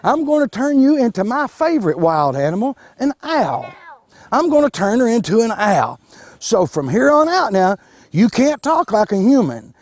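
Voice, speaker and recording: A man, a wildlife educator giving a live demonstration to children, folksy and animated, restarting words with plenty of fillers. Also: extremely high pitch, normal speed. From Kentucky.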